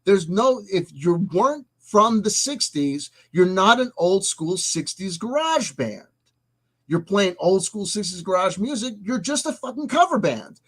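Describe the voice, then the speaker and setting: A man hosting a vlog, ranting emphatically with profanity and swinging between loud outbursts and soft asides. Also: high-pitched, sing-song, unhurried. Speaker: host.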